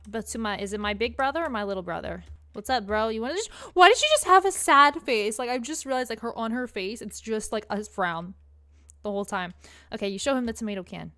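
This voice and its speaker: Giggling and chatting through a game, a young female gaming streamer reads its on-screen text aloud over faint background music in let's play style. She has a mid-range voice with a brisk, bright, forceful delivery.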